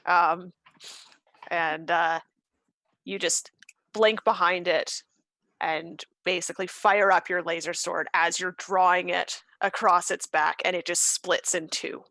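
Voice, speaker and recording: A woman running a tabletop game as game master, describing the action in a relaxed, loose way with fillers. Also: on the low side, slow pace, gravelly, no echo.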